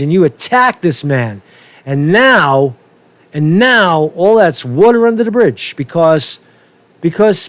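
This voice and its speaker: A man's voice: fairly high pitch, no echo. A man with a New York accent giving a profane, rambling rant as he reacts to political clips, mocking and repeating himself as he goes. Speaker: commentary streamer.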